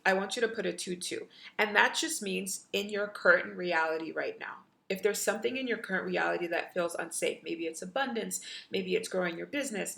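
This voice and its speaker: A woman's voice: medium pitch, vocal fry, pushed and bright. A woman spiritual coach leading a live online guided meditation and activation, effusive, with chant-like repetitions.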